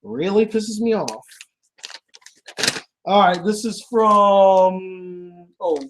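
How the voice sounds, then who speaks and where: A man's voice: high-pitched, very slow, background noise. A man hosting a casual vlog, reading out fan mail in a sarcastic, laughing way.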